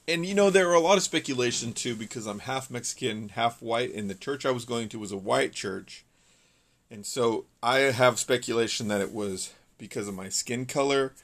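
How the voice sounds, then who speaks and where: A man's voice: mid-range voice, fairly bright tone. A young man from California giving an earnest, rambling personal testimony, full of restarts and fillers.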